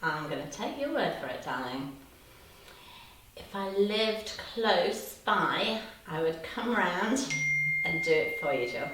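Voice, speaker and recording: A woman's voice: on the low side, sing-song, slow pace. A woman in her fifties chatting casually on a livestream, reading out and answering viewer comments, laughing often. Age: 50s. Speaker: livestream host. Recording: echoey room, distant from mic, faint hiss.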